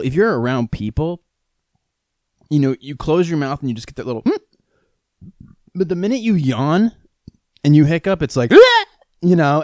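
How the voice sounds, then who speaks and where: A man's voice: mid-range voice, darkish tone, dry recording, studio quality. A man hosting his own podcast in a rambling, profane, self-mocking chat, struggling with the hiccups. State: has the hiccups. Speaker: podcast host. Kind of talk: casual solo podcast rant.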